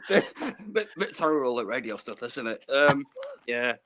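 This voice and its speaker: A man's voice: medium pitch, animated, moderate pace, a bit bright, a little hiss or hum. A man calling in to a quiz stream who is flustered and keeps apologizing. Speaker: caller to the quiz. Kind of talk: casual chat.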